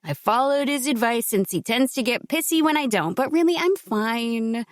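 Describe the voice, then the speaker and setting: A firm, upbeat young wife who brushes off worry with brisk, teasing reassurance, as a woman narrator voices her. Her voice sits a little above the narrator's own. It is a storybook reading with a dry, close sound. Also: fairly high pitch, lively intonation, no echo, voice pushed up, close to an everyday voice. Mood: reassuring.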